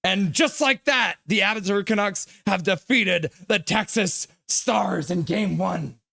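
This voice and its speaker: A man with a high-pitched voice hosts a live hockey reaction stream, calling plays and reading viewer messages aloud in an excitable rush. The sound is dry and close, with no room around it. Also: unhurried, gravelly, no room sound. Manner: excitable play-by-play, reads chat aloud.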